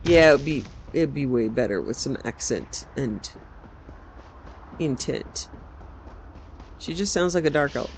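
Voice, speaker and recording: A man's voice: mid-range voice, lively intonation, a little slow, vocal fry, long pauses, slight background noise. A man giving casual, wry commentary while playing a video game and poking fun at its voice acting. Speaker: game streamer.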